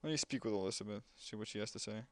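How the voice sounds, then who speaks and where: A man's voice: fairly low pitch, racing, a bit bright, no echo. A young man casually commenting while playing a game, chatty and rambling with lots of fillers. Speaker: gameplay commentator.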